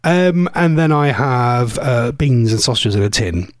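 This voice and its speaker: A man presenting a casual radio show, rambling and chatty, his voice going a bit hoarse. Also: medium pitch, animated, a little slow, no echo. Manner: rambling, chatty, laughs often.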